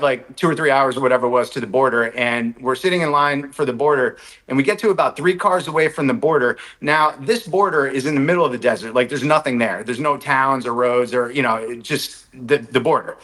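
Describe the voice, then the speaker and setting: Bright-voiced American man telling a story. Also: medium pitch, poor audio. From United States. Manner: rapid anecdote-telling with lots of "like" and "right?" asides. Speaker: podcast guest, traveler. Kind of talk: animated storytelling in conversation.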